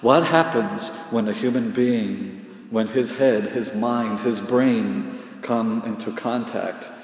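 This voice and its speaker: A man delivers a sermon in an unhurried, measured rhythm, his low voice rough with gravel. He builds phrase on phrase with long pauses and often sinks to a hushed, intense murmur. The words ring out through a large hall with a long, trailing reverb. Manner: slow, repetitive cadence with dramatic pauses, often dropping to a hushed intensity. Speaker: preacher.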